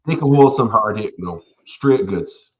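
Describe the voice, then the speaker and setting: A man with a Barbadian accent, a guest on a podcast, talking loudly and excitedly over a video call. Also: fairly low pitch, unhurried, dull audio. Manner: loud, excited, gloating. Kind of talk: casual chat.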